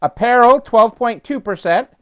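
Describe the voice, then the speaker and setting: A man's voice: extremely high pitch, normal speed, a bit bright, clean tone. A middle-aged man hosting a weekly business update, talking casually and rambling with fillers, restarts and chuckles. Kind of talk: casual unscripted talk.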